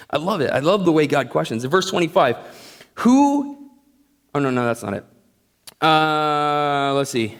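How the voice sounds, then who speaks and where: A man's voice: a little high, measured pace, pauses often, fairly bright tone. A man teaching a Bible lesson in a conversational, joking way. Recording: echoey hall.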